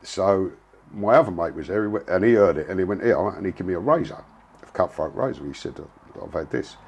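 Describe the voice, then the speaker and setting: A man's voice: deep voice, animated, a little fast, a little mellow, slightly rough. A man, telling a story in a blunt, casual way, full of slang and swearing. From England. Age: 60s. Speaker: interviewee.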